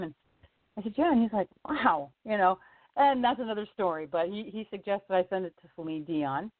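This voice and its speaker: A woman, a singer-songwriter guest, telling a personal story in lively casual chat, leaping up in pitch for quoted voices and laughing often. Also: no echo. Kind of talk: casual storytelling on a radio interview. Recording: tinny phone line, dry.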